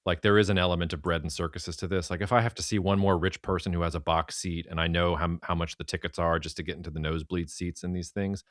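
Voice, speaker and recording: A man's voice: low voice, fairly even intonation, fast talker, few pauses, dry recording, clean studio sound. A man co-hosting a podcast, speaking earnestly in casual chat, often restarting his sentences. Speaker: podcast co-host.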